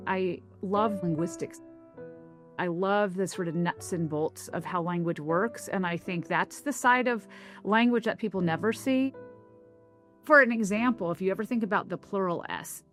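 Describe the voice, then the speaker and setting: A woman from the American South who is a linguist, telling stories and explaining ideas in a thoughtful, lightly animated interview. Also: medium pitch, moderate pace, soft background music. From American South (Tennessee). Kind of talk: reflective interview storytelling.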